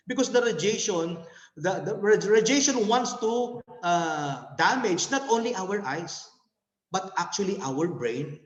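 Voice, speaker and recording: Filipino man, sales presenter, nervous laughs and restarts; dull, reverberant video-call sound. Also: high-pitched.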